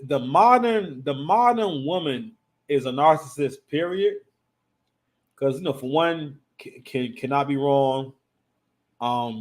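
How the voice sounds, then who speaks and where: A man's voice: medium pitch, a little mellow. A man hosting a casual reaction commentary, rambling and often restarting his sentences. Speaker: commentary channel host.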